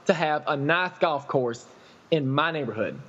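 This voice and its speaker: A man's voice: fairly high pitch, expressive, a little slow, fairly bright tone, husky, exaggerated voice. A man voicing a nagging, indignant older woman who complains in a whiny, rising voice. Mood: whining. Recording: dull recording with long reverb.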